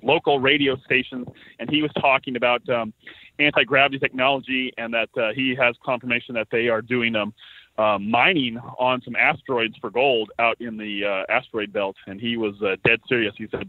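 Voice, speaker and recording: Fast-talking man on a tinny phone line. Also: mid-range voice, fairly even intonation, dry recording. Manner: quick, stammering restarts. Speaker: caller. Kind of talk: casual phone-in chat.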